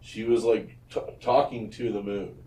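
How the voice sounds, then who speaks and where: A man's voice: lowish voice, fairly even intonation, moderate pace, dark tone, echoey room, far from the mic, low-quality recording. A man co-hosting a podcast, casually retelling scenes from a TV episode with loose fillers and some swearing. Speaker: podcast co-host. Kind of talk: casual chat recapping a TV episode.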